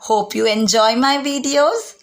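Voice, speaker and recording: A woman's voice: a little high, measured pace. A woman teaching young children, speaking in a sing-song way and imitating animal sounds.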